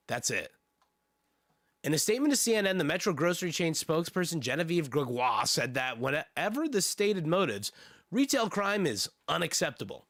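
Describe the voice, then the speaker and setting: A man reading news on a stream, breaking off into sardonic, profane asides. His voice is gravelly and swings widely in pitch. The sound is dry and close to the mic. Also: very animated, moderate pace, long pauses, fairly bright tone, dry recording. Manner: sardonic, cursing, laughing asides. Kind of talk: casual commentary while reading news aloud.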